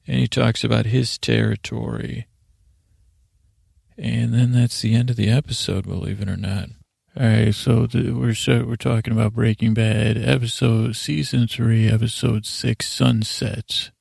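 A man hosting a sleep podcast, recapping a show in a meandering, halting way with deadpan asides. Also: mid-range voice, gravelly, no room sound, clean studio sound. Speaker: podcast host.

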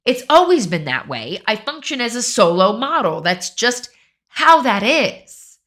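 A woman's voice: fairly high pitch, unhurried. A woman co-hosting a podcast, talking in a frank, profane, casual way and acting out how she would reply to people. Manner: blunt, profane, animated, acts out quoted voices. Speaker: podcast co-host.

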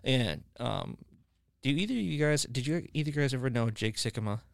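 A man's voice: mid-range voice, lively intonation, fairly quick, vocal fry. A man hosting a podcast, chatting casually about faith with guests and telling long stories full of fillers and restarts. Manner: rambling storyteller, many fillers and restarts. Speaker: podcast host.

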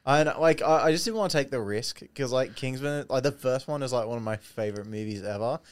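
A man's voice: medium pitch, fast talker, clean tone, no room sound. A young man chatting casually as a podcast co-host, rambling, stop-start and swearing a lot. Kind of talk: casual chat.

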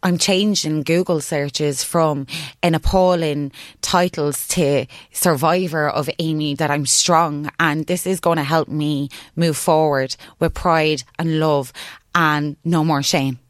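A young Irish woman being interviewed on the radio, earnest and emotional, sometimes halting as she talks. Her voice sits a little low, and the recording is close and dry. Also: fairly even intonation, no room sound. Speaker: radio guest.

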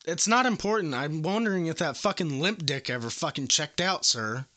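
A man's voice: on the high side, expressive, normal speed, bright, forceful tone, no echo. A man making a prank phone call, rambling and swearing in angry outbursts. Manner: profane, rambling, escalating outbursts. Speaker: prank caller.

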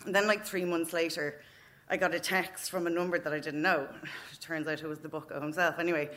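A woman's voice: low-pitched, level tone, brisk, fairly bright tone. Frank Irish woman telling a story. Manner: frank, swearing, laughing through her story. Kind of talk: live comic storytelling. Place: open mic night with an audience. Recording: noisy live venue recording.

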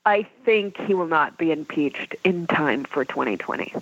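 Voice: medium pitch, lively intonation, moderate pace, fairly bright tone. A political guest answering interview questions in an earnest, hesitant way, often restarting sentences. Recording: dull lo-fi sound.

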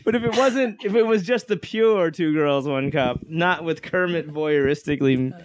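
A man's voice: fairly high pitch, normal speed, a little hiss or hum. A man co-hosting a casual group podcast, laughing often and rambling with restarts. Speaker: podcast co-host.

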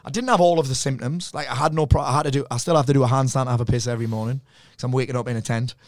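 Fast-talking man in his forties. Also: mid-range voice, no echo, studio quality. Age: 40s. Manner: swearing, animated storytelling with quoted voices. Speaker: mindset coach guest. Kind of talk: casual podcast chat.

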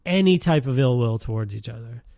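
A man's voice: mid-range voice, animated, brisk, dark tone, no room sound, clean studio sound. A man telling a story in casual chat, rambling with lots of fillers and laughing as he goes.

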